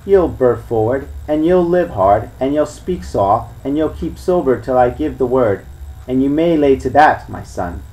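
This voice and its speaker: A man reading the part of a crafty older male pirate who coaxes and lectures his crew in rough sea talk. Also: medium pitch, expressive, unhurried, dark tone, lightly acted, rough recording. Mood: lecturing.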